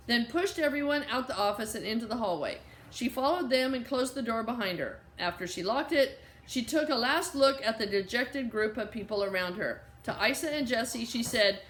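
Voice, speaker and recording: A woman narrating a children's novel in a clear, steady reading voice. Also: on the high side. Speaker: audiobook narrator. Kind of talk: scripted storybook narration. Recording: roomy echo.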